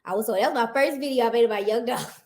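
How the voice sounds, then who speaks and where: A woman in casual livestream chat, animated and teasing, repeating herself for emphasis. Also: a little high, fast.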